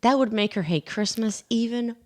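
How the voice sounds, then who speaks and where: A woman's voice: on the high side, moderate pace, a little mellow. A woman co-hosting a podcast, chatting casually and chiming in with short sympathetic reactions. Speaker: podcast co-host. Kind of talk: casual chat.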